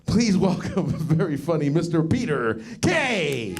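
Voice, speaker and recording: A man's voice: fairly high pitch, very animated, a little slow, vocal fry, over loud music. A man hosting a comedy show and introducing comedians in a loose, laughing way. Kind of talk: emcee introductions. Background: crowd.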